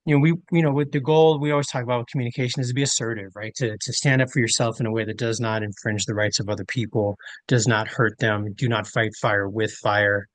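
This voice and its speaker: A man's voice: medium pitch, steady tone, fast talker, hardly any pauses, no echo. A man hosting a conversation, explaining communication styles in a teacherly way. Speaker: podcast host. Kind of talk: casual conversation.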